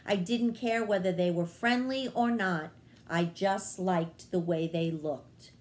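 A woman reading as a tiny young fairy girl from a children's storybook, wary and a bit shaky in her speech. The voice is low-set and slow, as in a read-aloud. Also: darkish tone. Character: small, frightened young female fairy.

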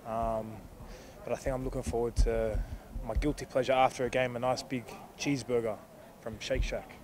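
A young man with an Australian accent, a rugby league player answering interview questions outdoors in a relaxed way. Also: mid-range voice, normal speed.

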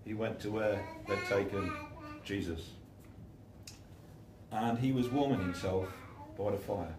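A man's voice: lowish voice, measured pace, noisy background. A man preaching an informal sermon, telling stories and acting out the voices of the people in them. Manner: chatty, acts out the voices in his stories. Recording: echoey room, voice from a distance.

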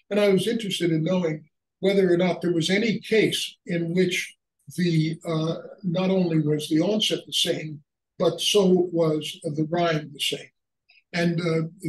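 An older man giving a halting academic lecture on poetry, full of fillers and restarts. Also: on the high side, recorded from a distance. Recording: echoey room, speaker away from mic.

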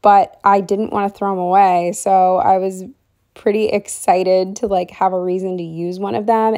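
Young woman, planner vlogger, mellow and chatty, slightly breathless. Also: mid-range voice. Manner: chatty, rambling, lots of fillers. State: short of breath. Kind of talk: casual planner walkthrough voice-over.

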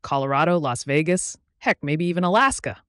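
A man's voice: fairly high pitch, lively intonation, brisk, fairly bright tone, clear, resonant tone, dry recording, studio quality. A man reading the lines of a weary, restless man in a story, speaking in an offhand, hesitant way.

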